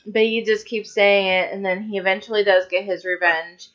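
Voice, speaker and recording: A woman's voice: medium pitch, steady tone, normal speed, fairly bright tone. Woman co-host with frequent ums. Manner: narrates plot points with frequent ums. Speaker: podcast co-host. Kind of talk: casual chat. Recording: dull lo-fi recording.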